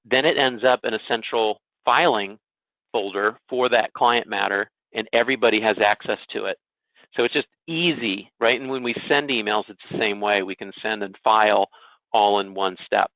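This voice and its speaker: A low-voiced man presents a webinar in a relaxed, conversational way and often asks his listeners "right?". His voice comes through thin and phone-like. The sound is dry, with no room echo.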